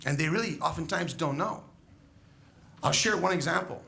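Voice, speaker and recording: Gravelly-voiced man giving a commencement speech. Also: a little high, normal speed, sharp tone, slight background noise. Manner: storytelling, emphatic, rhetorical questions. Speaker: school educator.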